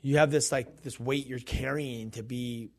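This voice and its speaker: A man's voice: mid-range voice, steady tone, normal speed. A man co-hosting a faith podcast, telling a story in a casual chat and acting out the quoted dialogue. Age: adult, grown pastor's kid. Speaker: podcast co-host and minister.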